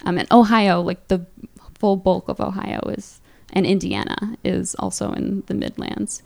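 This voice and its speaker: A woman's voice: medium pitch, fairly even intonation, measured pace, vocal fry. A woman from the American Midwest hosting a casual solo podcast, rambling with many ums and trailing restarts, chatty and self-amused. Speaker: podcast host.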